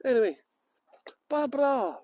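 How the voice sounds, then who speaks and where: A man's voice: very high voice, animated, unhurried, dark tone, no room sound. A Scottish man working as a tour guide, rambling through self-mocking banter and greeting viewers by name during a live stream outdoors in a garden. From Scotland.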